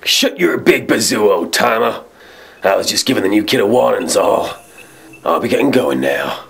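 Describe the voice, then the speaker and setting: A man's voice: on the low side, expressive, vocal fry, slightly rough, faint music behind, full character voice. A man voicing a menacing male snail outlaw boss with a put-on in a cartoon. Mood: scornful. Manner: threatening, slow drawl. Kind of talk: student cartoon voice acting.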